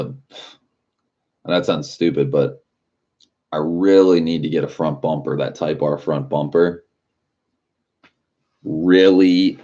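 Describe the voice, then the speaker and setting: A man with an extremely low, deep voice talks in a loose, rambling way, packing his sentences with filler words and swearing. It sounds like casual live stream chat. The audio is dull and muffled. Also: a little mellow.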